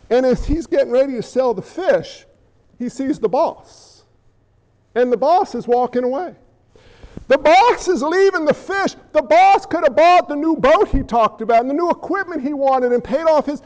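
A man preaching a sermon as pastor, reading scripture and then acting out a story with lively shifts in loudness. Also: very high voice, measured pace, low-quality recording.

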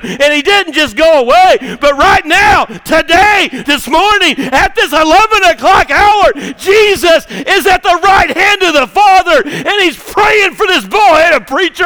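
A male pastor with a high, bright voice preaches in a church. He drops to a near whisper in prayer, then builds to ringing shouts. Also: poor audio. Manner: dynamic, swings from hushed prayer to shouting. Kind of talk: sermon. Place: church sanctuary.

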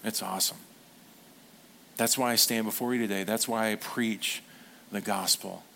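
A man preaching a sermon as pastor, earnest and animated, acting out little quoted voices and turning emotional in places. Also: on the low side, normal speed, gravelly, slight background noise.

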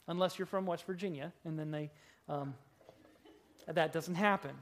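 A woman preaching a sermon in a church service, swinging between loud, forceful lines and hushed ones, and slowing down to stress key words. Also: sits low.

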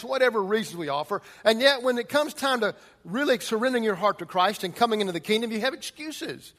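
Male pastor, high voice, emphatic sermon delivery, long hall echo. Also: animated, fast talker, hardly any pauses. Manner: emphatic preaching, swings from loud urgency to quiet intensity.

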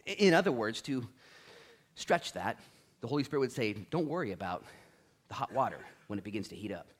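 A man's voice: mid-range voice, expressive, a little fast. A middle-aged male pastor preaching a conversational sermon, acting out little dialogues along the way.

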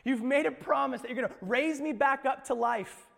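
A man's voice: very high-pitched, moderate pace, vocal fry, fairly bright tone, voice pushed up, heavily acted. A male preacher voicing a devoted son who fully trusts his father, speaking in fervent, rising declarations in an echoey hall.

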